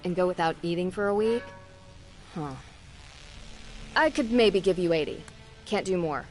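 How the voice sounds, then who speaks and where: An actress playing a tired, exasperated potion merchant in a video game, talking in an everyday, put-upon way. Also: female voice, lowish voice, lively intonation, moderate pace, a little mellow, faint music behind, close to an everyday voice. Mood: weary. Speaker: shopkeeper.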